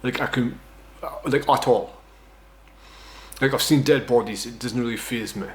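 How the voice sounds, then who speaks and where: A Scottish man in his thirties, with a mid-range voice and a moderate pace, tells a personal story in a casual vlog. He rambles, swears, pokes fun at himself, and keeps tagging lines with "right?".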